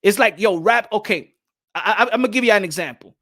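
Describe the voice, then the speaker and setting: A man co-hosting a boxing podcast, talking in an animated, emphatic way and repeating himself. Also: high voice, fast. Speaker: podcast co-host. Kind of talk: casual boxing podcast chat.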